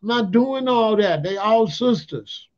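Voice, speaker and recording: On a talk channel, a commentator delivers a casual, ranting monologue in loose street slang, frequently capping lines with "allegedly" and "you know what I'm saying." His voice is high-pitched and animated, and he takes his time. The recording sounds dull and lo-fi.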